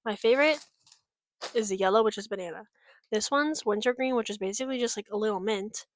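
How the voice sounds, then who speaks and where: In this casual vlog, a young woman from the US talks quickly in a medium-pitched voice with no echo. Her chat is rambling and frank, packed with fillers and frequent swearing.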